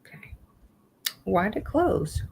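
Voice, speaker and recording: A woman's voice: medium pitch, very animated, slow, creaky, a little mellow, slightly rough. A woman live streaming in a casual chat style, speaking bluntly, swearing now and then, and muttering as she reads app text aloud.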